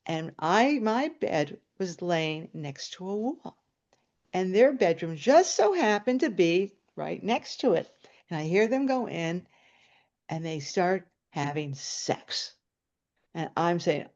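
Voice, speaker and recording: A woman telling a personal story on stage in an animated way, jumping into high excited voices when quoting. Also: slow pace, lo-fi sound.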